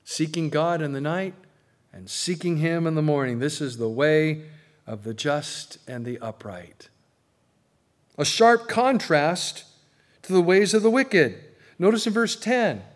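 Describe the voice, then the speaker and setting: A man preaching a sermon to a congregation, swinging between loud emphasis and quiet asides. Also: fairly high pitch, a little slow. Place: church before a congregation.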